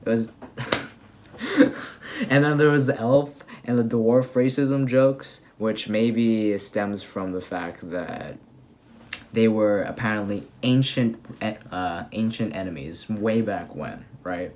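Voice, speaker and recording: A young man casually recapping an anime episode, rambling and excitable with lots of fillers and restarts. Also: fairly low pitch, takes it slowly. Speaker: anime reviewer.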